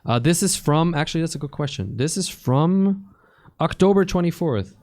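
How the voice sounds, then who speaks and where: A man's voice: on the high side, expressive, normal speed, darkish tone. A man from Switzerland commenting casually on a live stream, blunt and sweary, often restarting his sentences. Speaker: streamer reacting to clips.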